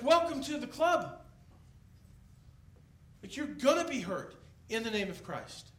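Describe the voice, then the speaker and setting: A man preaching an expository sermon in a conversational, animated way, acting out the people in the story. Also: sits high, slight background noise. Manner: animated, conversational, acts out biblical characters. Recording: echoey room, mic at a distance.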